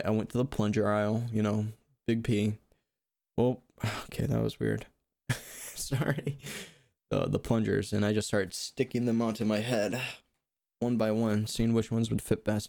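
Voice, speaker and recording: A man's voice: fairly low pitch, creaky, warm tone, no room sound, studio quality. A young man telling rambling, self-mocking comic stories in casual talk, laughing at his own jokes. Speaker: storyteller. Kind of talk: casual comedic storytelling.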